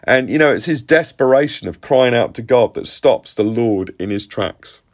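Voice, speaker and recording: A man's voice: medium pitch, normal speed. A man leading a devotional, reading a Bible passage aloud and then teaching on it in an earnest, conversational way. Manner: earnest and animated, with conversational asides. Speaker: pastor.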